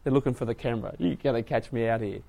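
A man's voice: medium pitch, fast talker, gravelly, warm tone, voice pushed down. A man voicing a young grown man woken in the night who scoffs and laughs at his father's warning. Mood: scoffing.

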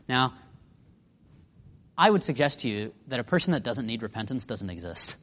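A man gives a Bible lesson in a chatty, questioning way. His voice sits fairly high and swings widely as he talks. The sound carries a long reverb, as if from a large hall. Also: moderate pace. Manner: lively, conversational, asks the listeners questions. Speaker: Bible teacher.

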